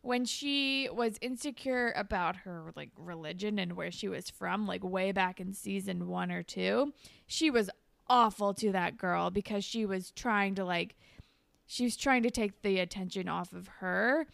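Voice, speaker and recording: A woman co-hosting a casual recap podcast, talking through scenes with animated quotes. Her voice has a gravelly fry to it. The sound is dry and close. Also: mid-range voice, a little slow, dry recording. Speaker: podcast co-host.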